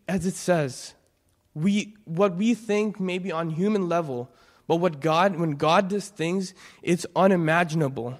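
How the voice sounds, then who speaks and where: A young man giving an earnest, halting personal testimony in church, full of restarts. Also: on the high side. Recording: long hall reverb.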